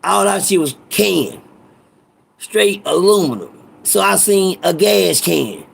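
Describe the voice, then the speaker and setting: A man spins a casual, profane tale, wandering off and repeating himself as he goes. His voice sits high and is thick with gravel. There's a husky, raspy grain under every word. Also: sing-song, takes it slowly. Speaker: storyteller. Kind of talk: casual storytelling.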